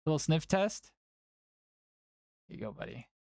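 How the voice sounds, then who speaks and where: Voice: medium pitch, sing-song, a little slow, gravelly, dark tone, no echo, studio quality. A tournament stream host chatting casually and playfully, often cooing at a cat between updates. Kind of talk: casual livestream chat.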